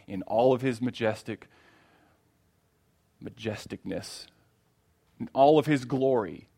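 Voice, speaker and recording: A man delivers a sermon in an earnest, steady way, circling back to the same phrases for emphasis. His voice sits fairly low and has a gravelly texture. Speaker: preacher.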